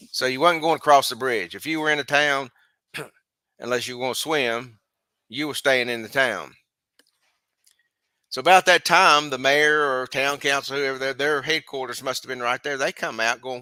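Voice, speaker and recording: A man's voice: medium pitch, sharp tone, clear, resonant tone, no echo. A middle-aged man, rambling through a long story as host of a live stream, restarting phrases and chuckling. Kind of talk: casual storytelling, recounting a dream. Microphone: live stream mic.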